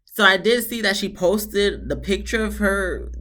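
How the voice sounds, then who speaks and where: A woman, recapping a reality show episode in a casual, animated way and acting out the quotes. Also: mid-range voice, a little slow. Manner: chatty, animated retelling with voiced quotes. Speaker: TV show reviewer.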